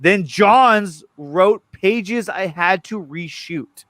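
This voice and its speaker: A man hosts a loose, excited chat with a fairly high voice. He trips over his words and restarts his sentences as he talks. The sound is dry and close. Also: dry recording. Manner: excited, repeats words, quick stammering restarts. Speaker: show host. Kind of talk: casual chat about movie news.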